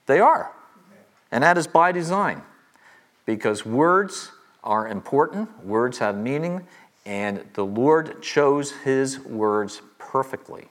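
Casting: middle-aged male Bible teacher, emphatic, repeats key lines slowly. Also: medium pitch, expressive.

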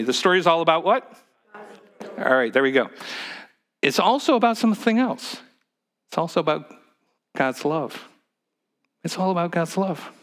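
Preaching to his own church, a medium-voiced male pastor speaks haltingly with many repeated words, occasionally asking the congregation to respond.

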